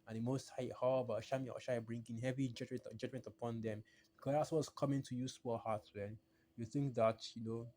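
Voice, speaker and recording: A man of medium pitch delivers a solo video sermon, close to the mic. He talks emphatically, circles back over his phrases, and lifts his voice when he reads passages aloud. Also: darkish tone. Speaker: preacher. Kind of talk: solo religious video teaching.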